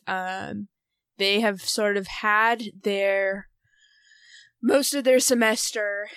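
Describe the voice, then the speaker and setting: Slow, rambling young woman podcaster. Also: mid-range voice, a bit bright, clean tone, no echo. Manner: rambling, hesitant with many fillers. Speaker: podcast co-host. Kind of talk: casual book discussion.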